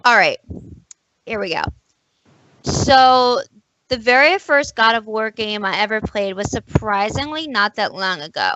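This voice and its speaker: Bright, bubbly young woman telling a story. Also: fairly high pitch, no echo, lo-fi sound. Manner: animated storytelling, acts out both sides of conversations, quick restarts. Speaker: podcast co-host. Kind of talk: casual chat.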